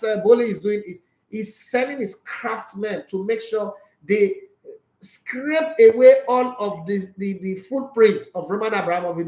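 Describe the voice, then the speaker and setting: In an echoey room, a Nigerian man with a high-pitched voice reads football transfer news aloud and reacts casually, tossing in opinionated asides and jokes in pidgin and laughing often.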